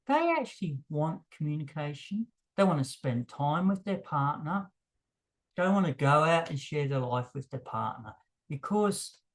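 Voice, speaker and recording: Man vlogging off the cuff; frank, emphatic, pitch leaps up when heated. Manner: emphatic, voice jumps higher when worked up; frank, blunt, self-deprecating. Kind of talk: unscripted monologue to camera.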